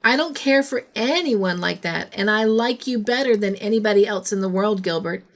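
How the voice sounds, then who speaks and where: A woman reading the lines of a dreamy, emotional young woman in a storybook, halting and stammering. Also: medium pitch, natural voice.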